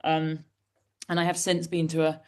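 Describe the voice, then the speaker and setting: A woman's voice: low-pitched, monotone, normal speed. A woman in her forties from Britain, an author being interviewed, telling stories in a candid, rambling, self-deprecating way. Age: 40s. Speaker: author guest. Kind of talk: candid conversational storytelling.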